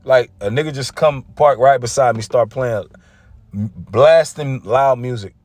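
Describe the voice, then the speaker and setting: A man's voice: mid-range voice, unhurried, darkish tone, no echo, faint music behind. A man giving an intense, casual religious rant, often stumbling and repeating himself. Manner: intense, repetitive, stumbling over words.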